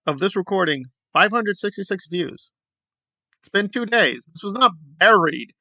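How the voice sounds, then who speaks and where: A man's voice: high-pitched, lively intonation, moderate pace, bright, forceful tone, dry recording. A man hosting a commentary video, ranting in a sarcastic, exasperated way. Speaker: commentary channel host.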